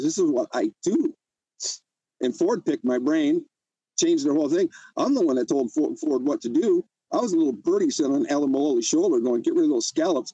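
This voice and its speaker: A man's voice: fairly high pitch, dark tone, husky, no room sound, low-quality recording. An older man telling his own story in an emotional interview, agitated and often repeating himself. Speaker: interview guest.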